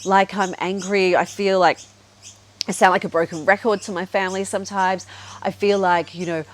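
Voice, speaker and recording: A woman's voice: medium pitch, level tone, moderate pace. A middle-aged woman hosting a podcast, telling a personal story in a chatty, frank way, full of "like" and "you know", now and then swearing. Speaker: podcast host.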